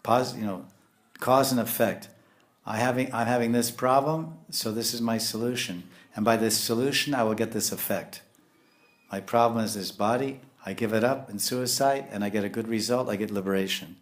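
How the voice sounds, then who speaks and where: Low-voiced man giving a lively sermon. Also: normal speed. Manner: animated, lapses into scolding voices when quoting; frequent chuckles and restarts. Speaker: spiritual teacher.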